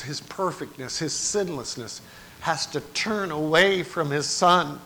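A man preaching a sermon, moving from quiet, low passages to loud, dramatic cries. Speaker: pastor.

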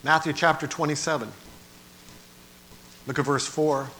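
A man preaching a sermon, moving from quiet, low passages to loud, dramatic cries. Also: steady tone, a little slow, slight background noise. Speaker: pastor.

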